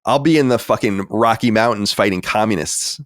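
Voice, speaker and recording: A man's voice: fairly low pitch, brisk, fairly bright tone, no room sound, studio quality. An American man hosting a podcast in casual, rambling chat, emphatic and swearing freely. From United States. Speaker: podcast host.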